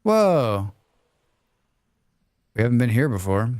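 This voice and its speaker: A man's voice: mid-range voice, lively intonation, moderate pace, smooth, no room sound, clean studio sound. Man grumbling through his gameplay stream. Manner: talks to himself, joking and grumbling. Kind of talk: casual live gameplay commentary.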